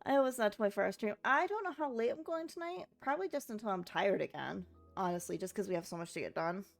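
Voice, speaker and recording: A woman's voice: mid-range voice, animated, quick pace, vocal fry, soft background music. A woman streaming a game in a casual, rambling way, sounding sleepy after just waking up and chatting with her viewers.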